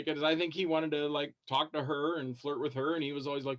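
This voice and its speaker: A man's voice: on the high side, little pitch movement, fast talker, few pauses, muffled recording. A man calling in as a guest, telling rambling stories and acting out other people's lines, often stumbling over repeated words. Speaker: guest B-movie actor calling in. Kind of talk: casual storytelling on a call-in show.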